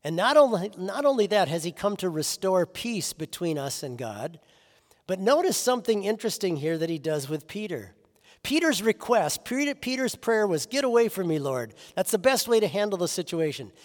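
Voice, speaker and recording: A man preaching a sermon as pastor, earnest, often restarting his phrases and letting his voice drop softly at the ends of lines. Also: sits high, sing-song, moderate pace, big-room sound.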